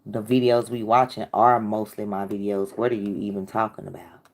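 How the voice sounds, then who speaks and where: A woman's voice: extremely low pitch, flat delivery, brisk. Blunt woman livestreaming to her chat. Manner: blunt, talks back to chat. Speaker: livestream host.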